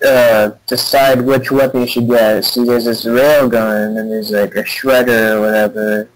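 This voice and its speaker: A young man with a mid-pitched voice, co-hosting a casual podcast. He chimes in with short, halting remarks. His delivery is loose and conversational. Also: little pitch movement, rough recording. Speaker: podcast co-host. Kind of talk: casual chat.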